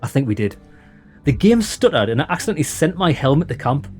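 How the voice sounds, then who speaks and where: A man giving excited, chatty commentary on a game he is playing, talking to viewers as lads. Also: on the high side, fast, breathy edge, soft background music. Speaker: let's play host. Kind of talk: casual gameplay commentary.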